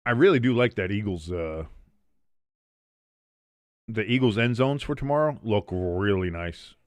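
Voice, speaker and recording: A man's voice: fairly low pitch, animated, a little slow, no room sound. Dry-sounding man doing casual play-by-play. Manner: joking, chatty, reads out chat messages. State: wired on coffee. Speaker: watch-along stream host. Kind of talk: casual live play-by-play commentary.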